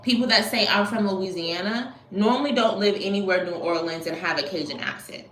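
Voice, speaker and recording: Woman streamer, slightly low voice, blunt and corrective, casual live chat, roomy echo. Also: animated, brisk, a bit bright. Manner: blunt, scolding a commenter. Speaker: livestream host.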